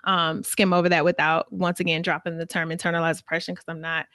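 Low-voiced woman host, thoughtful and halting. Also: little pitch movement, fairly bright tone, dry recording, studio quality. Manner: reflective, many fillers and restarts while thinking aloud. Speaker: podcast host. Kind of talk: casual podcast conversation.

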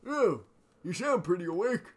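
A man's voice: high-pitched, sing-song, moderate pace, slightly rough, full character voice. A man playing a forgetful old man who co-hosts a podcast, rambling goofily and losing his train of thought in an improvised comedy sketch. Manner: goofy, rambling, easily sidetracked. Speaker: podcast co-host.

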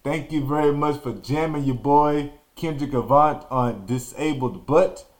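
A man hosting a podcast, telling a childhood story in a casual, animated way and acting out quotes and sound effects. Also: a little high, measured pace. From Texas.

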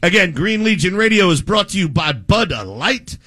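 A man hosting a sports radio show in casual chat, energetic and joking, rambling through introductions. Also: sits high, normal speed.

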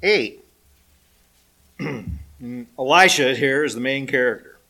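Animated preacher man, bright voice. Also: mid-range voice, slow pace, creaky. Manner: animated storytelling, raising and dropping his voice for effect. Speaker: pastor. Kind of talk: sermon with dramatic scripture reading.

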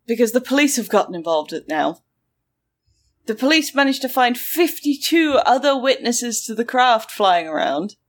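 Woman host, lively sarcastic storyteller, fairly high voice. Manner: animated, sarcastic, acts out quotes. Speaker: podcast host telling a story. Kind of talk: casual storytelling chat.

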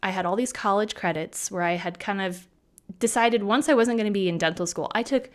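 An animated woman telling a story in a relaxed podcast chat. Her voice sits at a middle pitch, and she brightens it when she acts out what people said. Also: brisk. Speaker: hairstylist guest.

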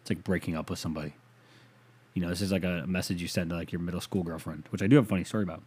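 A man's voice: low-pitched, fairly even intonation, rapid-fire, a little mellow, breathy edge. A man hosting a casual, comedic rant show, talking in a profane, sarcastic and rambling way.

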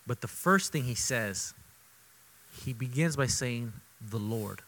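A man preaching a sermon as pastor, conversational and repetitive for emphasis, moving between loud emphatic bursts and quiet intimate asides. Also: mid-range voice, measured pace, low-quality recording. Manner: conversational, repeats himself for emphasis.

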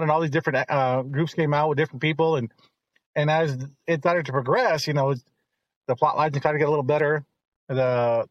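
A middle-aged man, the host's father, telling long rambling stories in casual chat and turning animated when he quotes others. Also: a little high, no room sound, muffled recording.

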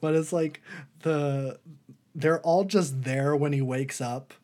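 A man's voice: a little high, slow pace, a little mellow. A man co-hosting a casual podcast, rambling through a movie recap with frequent laughs. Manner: rambling, laughing, breaks into put-on voices for quotes. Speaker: podcast co-host.

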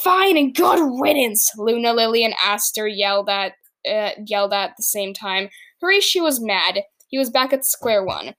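A woman's voice: mid-range voice, moderate pace, hardly any pauses, fairly bright tone. A woman reading her own story aloud, laughing and stopping to comment along the way. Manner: laughs often, stops to comment. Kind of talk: casual reading with chatty asides.

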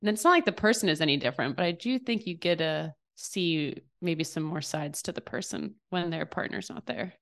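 A woman co-hosting a podcast, chatting casually and circling her points with fillers and restarts. Her voice sits a little low. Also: brisk, creaky, few pauses. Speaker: podcast co-host. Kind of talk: casual chat.

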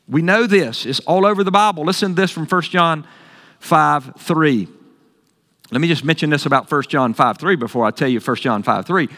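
Excited preacher man in an echoing hall. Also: on the high side. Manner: enthusiastic, exclaiming with delight. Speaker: pastor. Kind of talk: sermon.

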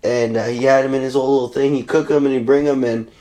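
A man in a casual podcast chat, telling rambling stories with halting restarts and casual swearing. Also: mid-range voice, steady tone, mellow.

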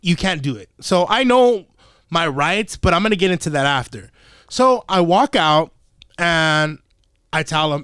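A young adult man hosting a podcast, telling a story in casual, profane chat and acting out the quotes with lively energy. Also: on the high side, measured pace, smooth, no room sound, studio quality. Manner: profane, animated, acts out quotes. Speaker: podcast host.

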